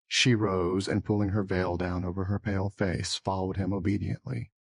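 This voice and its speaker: A man narrating an audiobook in a steady, even manner on a close mic. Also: deep voice, normal speed, creaky, hardly any pauses, husky, dry recording.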